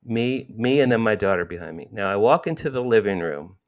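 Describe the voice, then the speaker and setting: A man's voice: lowish voice, expressive, a little fast. A man in his sixties, emotionally retelling a personal story as an interview guest, with frequent restarts. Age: 60s.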